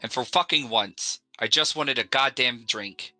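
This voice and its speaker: A man's voice: mid-range voice, unhurried, bright, forceful tone, dry recording, faint music behind, rough recording. A man voicing a resentful young adult son and ship captain who speaks in clipped, bitter lines.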